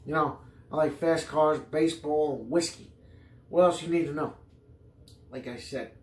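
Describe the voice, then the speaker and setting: In a reverberant recording, a podcast host with a slightly high voice speaks at a moderate pace. His improvised comedy monologue rambles, swears freely, and jumps from tangent to tangent.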